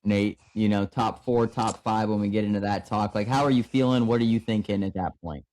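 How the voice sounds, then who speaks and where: A man's voice: on the low side, fairly even intonation, fairly quick, a little mellow, a little hiss or hum. A man hosting a podcast in easy conversational chat, asking open questions and praising at length. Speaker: podcast host. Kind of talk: casual interview chat.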